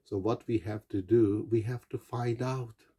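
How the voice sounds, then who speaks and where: A man's voice: medium pitch, steady tone, a little slow, mellow, husky. A man giving an earnest motivational talk, coaching his listeners and calling them guys. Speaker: self-help speaker.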